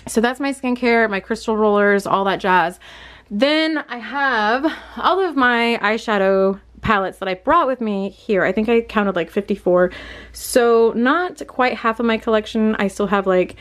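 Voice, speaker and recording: A woman's voice: a little high, measured pace, fairly bright tone. Chatty young woman giving a room tour. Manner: chatty and candid, rambling with fillers. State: out of breath. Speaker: vlogger. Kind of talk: casual vlog room tour. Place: small bedroom indoors.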